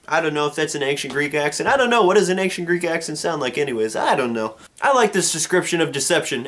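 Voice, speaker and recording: A man's voice: sits high, a bit bright. A man giving a casual book review on his own channel, with playful jokes and asides. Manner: jokey, playful asides and mock dialogue.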